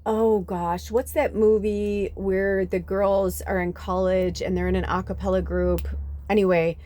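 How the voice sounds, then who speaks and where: A woman's voice: medium pitch, little pitch movement, a little slow, dark tone. A woman hosting a spiritual reading channel, telling a story in a loose, chatty way with lots of fillers and casual swearing. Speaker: spiritual reader, channel host.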